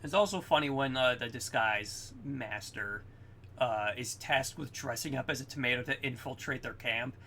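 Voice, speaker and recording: Young male podcast co-host, bright tone, excitable and sweary, acts out quotes, faint room noise. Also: mid-range voice, normal speed. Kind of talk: casual chat.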